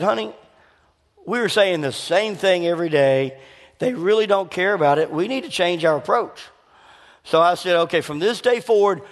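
A middle-aged man, preaching a sermon full of folksy personal stories and questions to the congregation. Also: sits high. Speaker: pastor. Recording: long hall reverb.

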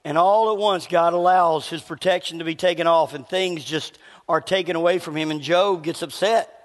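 A man preaches in a relaxed, conversational way, his voice set fairly high. His throat sounds a little scratchy. The long reverb of a large church sanctuary trails after his words. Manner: conversational preaching with a slight rasp, pauses to cough. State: scratchy voice needing a cough drop. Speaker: pastor. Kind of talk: sermon.

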